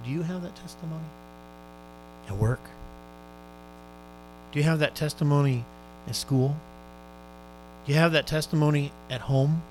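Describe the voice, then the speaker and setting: A male preacher gives a fervent sermon, urging his listeners on and alternating between loud, urgent appeals and soft, hushed questions. His voice sits a little high, and the audio quality is poor.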